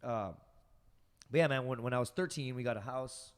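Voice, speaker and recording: A man's voice: medium pitch, fairly quick, long reverb tail. A man telling stories as a podcast guest, rambling and profane, full of fillers. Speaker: podcast guest, stand-up comic. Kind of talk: casual storytelling on a podcast.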